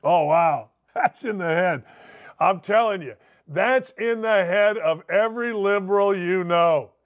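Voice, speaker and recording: Older guy ranting on sports radio, mocking and sarcastic, kinda high voice. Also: unhurried. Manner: reads listener messages aloud. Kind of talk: opinionated talk radio monologue.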